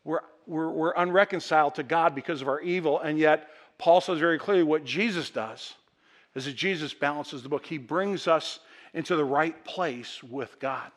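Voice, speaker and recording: A pastor in middle age preaches to his church in a relaxed, conversational sermon. His voice sits high for a man, and he often doubles back and repeats words while he talks. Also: moderate pace. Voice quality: frequent stammered repeats, conversational asides. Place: church sanctuary with congregation.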